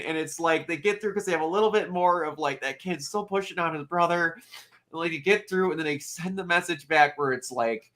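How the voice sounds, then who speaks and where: Man, host of a review chat: excitable, swears, bright forceful voice. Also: fairly high pitch, a little fast. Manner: excitable, emotional, swears freely. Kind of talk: casual film review chat.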